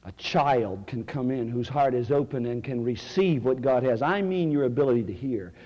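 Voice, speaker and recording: Dramatic preacher man with a lively voice. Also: medium pitch, normal speed, highs cut off. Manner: dramatic, swings from loud cries to near-whisper. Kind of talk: sermon.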